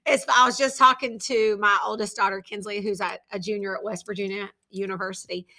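A woman in her forties hosting a podcast, chatting casually with lively storytelling and frequent laughter. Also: medium pitch, fairly quick. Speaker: podcast host. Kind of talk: casual conversation.

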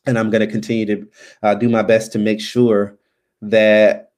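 A man's voice: lowish voice, flat delivery, normal speed, darkish tone. A man hosting a live stream, chatting loosely as he signs off, with many ums and restarts. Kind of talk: casual live stream sign-off chat.

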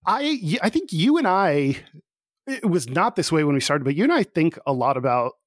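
A man's voice: on the high side, big pitch swings, normal speed, no echo, clean studio sound. A man hosting a podcast in casual chat, rambling and searching for words with many fillers. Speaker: podcast host.

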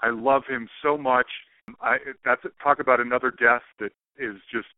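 A man's voice: mid-range voice, steady tone, normal speed, dry recording. A man hosting a casual interview who speaks with gushing enthusiasm. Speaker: podcast host. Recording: dry, tinny phone-like audio.

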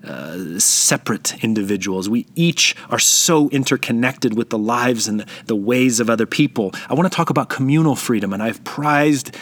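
A man's voice: medium pitch, expressive. Man preaching an earnest, reflective sermon. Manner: reflective, emphatic, slows down on key phrases.

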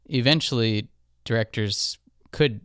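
A man's voice: mid-range voice, unhurried, fairly bright tone, clear, resonant tone, dry recording, clean studio sound. A man who composes film music, talking casually and thinking aloud with fillers. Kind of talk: casual podcast chat.

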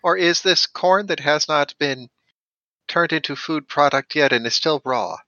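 Guy player, kinda high, dry wit, dull lo-fi mic. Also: unhurried, sharp tone, no room sound. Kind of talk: tabletop role-play chat.

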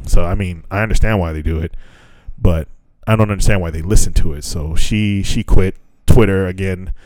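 A man's voice: deep voice, normal speed, a little mellow, no room sound. A man co-hosting a podcast in loose, casual chat, swearing freely and laughing often. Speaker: podcast co-host.

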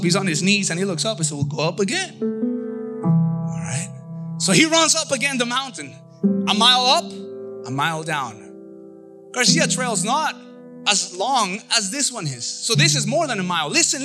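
A middle-aged man preaching a lively sermon as pastor, acting out voices and dialogue as he goes. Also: high voice, moderate pace, loud music behind the voice. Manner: animated, acts out voices and dialogue. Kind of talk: energetic sermon.

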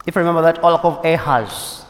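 A man giving a Sunday homily, telling a personal story in a conversational way with pauses and restarts, his English carrying small grammar slips. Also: fairly high pitch, reverberant, in a large hall. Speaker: priest.

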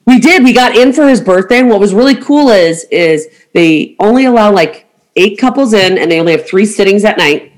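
A woman's voice: mid-range voice, expressive, fairly quick. Casting: middle-aged woman, podcast host, chatty storyteller who acts out every quote. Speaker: podcast host, travel agent. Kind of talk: casual chat.

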